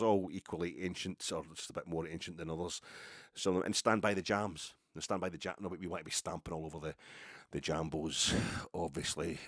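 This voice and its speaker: A man's voice: sits low, dry recording. A Scottish man hosting a football podcast alone, talking in a sardonic, rambling way into a close mic. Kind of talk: solo podcast monologue.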